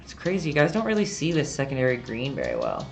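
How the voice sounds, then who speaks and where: Low-voiced giggly Canadian woman painting teacher. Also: huge pitch swings, quick pace, faint music behind. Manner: chatty, giggly, reads chat aloud. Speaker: painting instructor. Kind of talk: live-streamed painting lesson chat.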